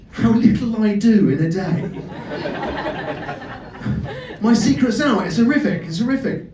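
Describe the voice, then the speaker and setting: A man from Britain with a British accent doing a sweary, self-mocking stand-up comedy set in a club, with audience laughter behind him. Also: very high voice. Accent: British English. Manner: chatty, sweary, self-mocking, stammers on restarts. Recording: roomy live club sound from a distance. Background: audience laughter and chatter.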